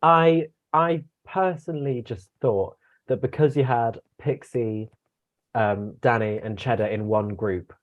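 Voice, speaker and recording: A young man gives blunt opinions in an easy review chat, stammering through restarts as he talks. His voice sits at a middle pitch, and the sound is a bit dull and lo-fi. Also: unhurried. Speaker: co-host guest.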